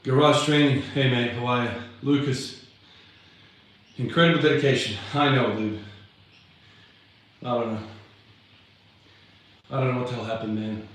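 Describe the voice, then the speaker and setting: A young man with a mid-range, slightly bright voice vlogs casually from his home garage between heavy lifting sets, answering live comments. He's out of breath and laid-back, rambling and swearing at a normal speed with fairly even intonation and long pauses. The very echoey garage audio is picked up from far off.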